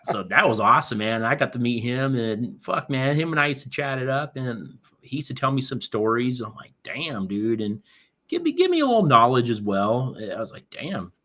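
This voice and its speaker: A man's voice: medium pitch, big pitch swings, normal speed, pushed and bright. A man who is a guest on a casual podcast, talking in a profane, enthusiastic way.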